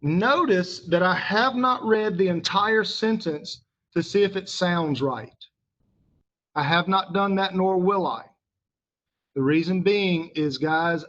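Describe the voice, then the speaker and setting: A male teacher, patiently walking a class through a grammar lesson and pausing for their answers. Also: high-pitched, fairly bright tone, muffled recording. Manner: patient, asks the class questions and pauses for answers.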